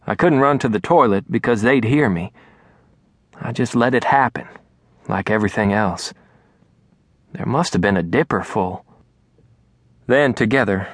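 A man narrating an audiobook in a soft, even storytelling voice. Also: fairly low pitch, dry recording, studio quality. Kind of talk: scripted narration. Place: recording studio.

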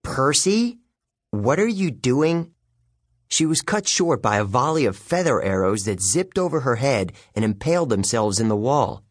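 A male audiobook narrator telling a first-person adventure with a wry, youthful edge. His pitch moves a lot, his voice is slightly husky, and the dry, close recording has no room sound around it. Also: moderate pace, hardly any pauses, dry recording. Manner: lively, wry storytelling with youthful character voices.

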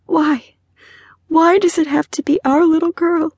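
A woman voicing a frightened, loving young mother in an audiobook, speaking softly and through tears. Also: medium pitch, animated, unhurried, slightly rough, dry recording. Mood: anguished. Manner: soft, tearful, whispering. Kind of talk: audiobook character voice.

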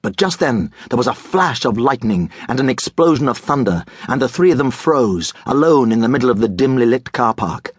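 Guy reading a kids audiobook, bouncy lively delivery, bit husky, dry close mic. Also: medium pitch, moderate pace, hardly any pauses, no echo. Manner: lively, comic storytelling. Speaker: audiobook narrator. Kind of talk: scripted children's book narration.

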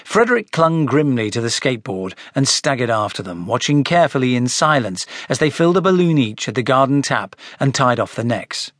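A man narrating a children's storybook with expressive, animated delivery. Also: medium pitch, fairly quick, hardly any pauses, no echo, clean studio sound. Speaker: audiobook narrator.

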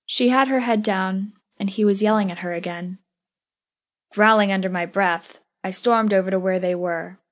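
A woman's voice: mid-range voice, moderate pace. Woman narrating a first-person audiobook.

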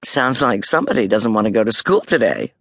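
A woman voicing a patient mother who speaks calmly and a little doubtfully in an audiobook. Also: extremely low pitch, a little fast, no room sound, pitched below the performer's own voice, full character voice. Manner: calm, gently doubting. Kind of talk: audiobook character voice.

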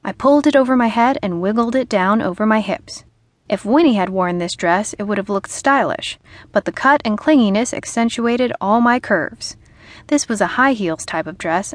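Female audiobook narrator, higher voice, dry close studio sound, comic first-person read. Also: no room sound. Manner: lively, comic storytelling. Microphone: studio microphone.

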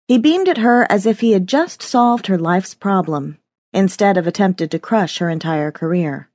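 A woman narrating a novel in a measured, expressive scripted reading. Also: mid-range voice, no echo. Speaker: audiobook narrator.

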